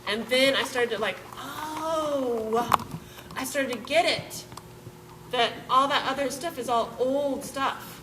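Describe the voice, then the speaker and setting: A woman giving an animated, chatty motivational talk to a group of listeners. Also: sits high, slow, recorded from a distance, background noise. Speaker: motivational speaker. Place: room full of listeners in a detention facility.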